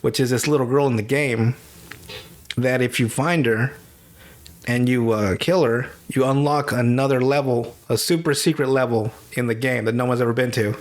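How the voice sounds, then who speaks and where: A man's voice: mid-range voice, moderate pace. A man hosting a podcast, telling a movie's plot in a loose, swearing, laughing way. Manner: profane, animated storytelling with laughs. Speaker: podcast host. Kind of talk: casual movie recap.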